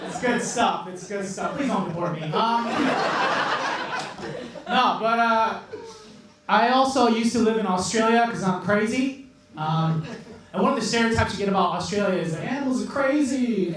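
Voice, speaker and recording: A young man from South Korea with an American-influenced accent, doing a self-mocking, swearing stand-up set in a comedy club. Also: sits high. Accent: American-influenced English. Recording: echoey club from far mic, crowd.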